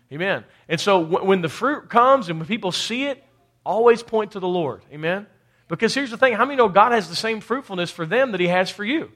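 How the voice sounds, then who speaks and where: High-voiced preaching man. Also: animated, brisk, a bit bright. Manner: call-and-response preaching, rising to emphatic bursts; repeats words while building a point. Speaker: pastor. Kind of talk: sermon.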